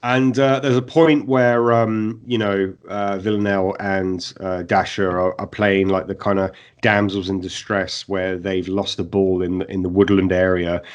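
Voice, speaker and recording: A man chatting about television on a podcast. His voice sits a little low, and he speaks in an animated, rambling way with many fillers and restarts. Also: unhurried, few pauses, lo-fi sound. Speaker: podcast co-host. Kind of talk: casual TV review chat.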